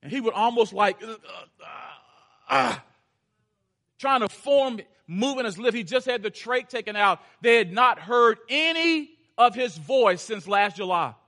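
A man preaching a sermon, telling a story and shifting between loud urgency and hushed, intense passages. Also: very high voice, expressive, a little slow. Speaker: pastor.

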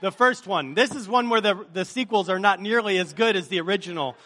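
A high-pitched man with a bright, forceful voice opens a sermon for a live congregation. He talks in a chatty, joking way and quizzes the crowd with energy. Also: a little fast. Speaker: pastor. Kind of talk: sermon opening with a movie-quote game. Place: church service before a live congregation.

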